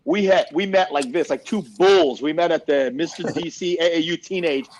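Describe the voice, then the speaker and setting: A man hosting a casual chat, telling animated, profane stories and acting out what others said. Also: on the high side, normal speed, slight background noise. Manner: animated storyteller, profane, acts out other people's lines. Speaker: host.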